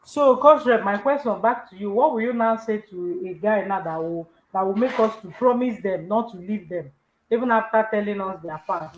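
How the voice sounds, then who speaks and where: A co-host in a casual livestream chat, asking questions and teasing. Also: medium pitch. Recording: echoey lo-fi call audio.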